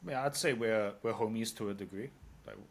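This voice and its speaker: A man's voice: lowish voice, brisk. A man from London with a British accent, in his thirties, giving a casual interview answer full of fillers and casual swearing. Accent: British English. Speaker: interview guest.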